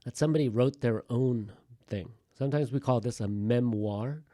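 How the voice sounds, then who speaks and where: Male teacher, casual classroom lecture, joking asides, thinks aloud, medium pitch. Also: normal speed, mellow.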